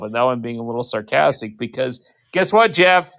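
A man with a bright, forceful voice co-hosting a sports podcast. He talks in a loose, rambling way, piling on asides and chuckling at his own jokes. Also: medium pitch, expressive, brisk, vocal fry, few pauses. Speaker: podcast co-host. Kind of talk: casual sports chat.

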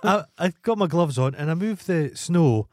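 A man's voice: on the high side, animated, a little mellow. Sweary Scottish man chatting. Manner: chatty, quick reactions, sweary, jokey. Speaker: podcast co-host. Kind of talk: casual chat.

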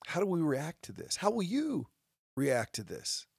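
Gravelly, husky-voiced male podcast host. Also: a little high, huge pitch swings, measured pace, no echo, clean studio sound. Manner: impassioned, with mocking asides. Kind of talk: opinion monologue.

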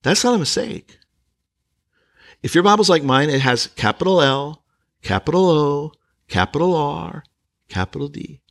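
A male pastor preaching a sermon, slowing down and pausing dramatically as he reads scripture aloud. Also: on the high side, animated, creaky, fairly bright tone.

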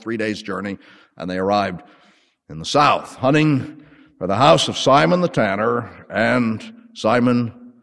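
A man teaching a sermon with an animated, conversational storytelling manner. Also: mid-range voice, creaky. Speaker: Bible teacher. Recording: long hall reverb.

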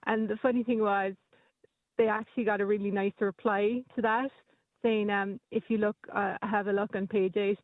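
A woman's voice: medium pitch, steady tone, moderate pace, dry recording. A woman telling local stories as a radio guest, chatty, with plenty of ums and restarts. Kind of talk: casual radio chat. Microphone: phone. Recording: phone line.

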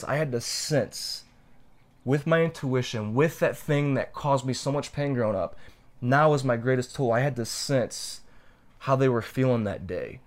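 As a podcast co-host, a young adult man tells a personal story in a reflective, heartfelt way. He slows down to emphasize the key points, speaking at medium pitch.

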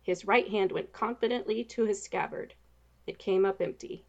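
A woman narrating a storybook in an expressive, even reading voice. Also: mid-range voice, normal speed, gravelly, highs cut off.

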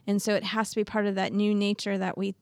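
A woman co-hosting a casual faith discussion, gentle and affirming. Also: mid-range voice, little pitch movement, fast, dry recording.

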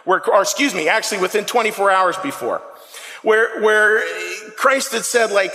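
High, bright preacher in a reverberant hall. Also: male voice, moderate pace, faint music behind. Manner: animated, conversational, asks the congregation questions. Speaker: pastor. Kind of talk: lively sermon. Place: church sanctuary. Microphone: handheld microphone.

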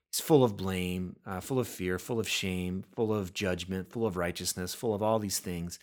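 A man's voice: sits low, moderate pace, hardly any pauses. A man preaching a sermon in an earnest way, often repeating words and restarting his sentences. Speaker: pastor.

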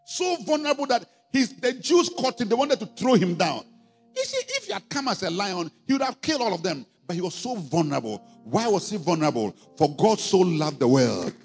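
A man preaching a sermon as pastor, emphatic and repetitive, building up to shouts. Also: high-pitched, big pitch swings, brisk. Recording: long hall reverb, faint music.

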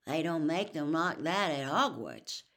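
Woman doing a wry teenage boy, blunt, low-ish, slow, storybook. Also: expressive, fairly bright tone, full character voice.

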